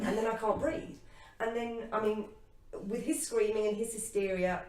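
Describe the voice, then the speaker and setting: A woman co-hosting a casual spiritual chat show, telling a personal travel story with lively acted-out reactions and laughter. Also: mid-range voice. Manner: animated, acts out her own past reactions with laughter. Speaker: co-host. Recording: echoey room, distant mic.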